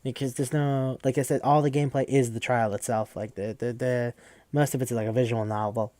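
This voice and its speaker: A man hosting a podcast talks through a game's story in a loose, rambling way, swearing freely and leaning on fillers. His voice sits at an everyday middle pitch. The recording is dry and close, with no room sound. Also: fairly even intonation, a little fast, warm tone, dry recording. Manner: rambling, profane, with frequent fillers. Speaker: podcast host. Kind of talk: casual game recap.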